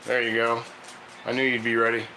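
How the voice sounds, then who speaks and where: A man's voice: mid-range voice, completely flat delivery, fairly quick, sharp tone, roomy sound, slight background noise, low-quality recording. A man hosting a casual cooking stream, chatty and laughing often as he coaxes his dog through tricks. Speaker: cooking channel host. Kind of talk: casual live cooking chat.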